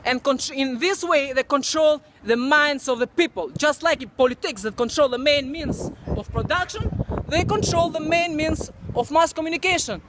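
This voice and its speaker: Guy ranting outside at a protest, very high voice, repeats lines like chants. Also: moderate pace. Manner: repetitive, chanting call-and-response rants. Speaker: street protester. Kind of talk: outdoor protest speech. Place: outdoors in front of a TV building. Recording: loud wind noise on the mic.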